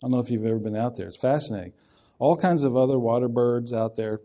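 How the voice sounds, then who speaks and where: Folksy preacher man, mellow voice. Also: mid-range voice, fast talker. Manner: folksy, conversational, asks the listeners questions. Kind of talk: sermon.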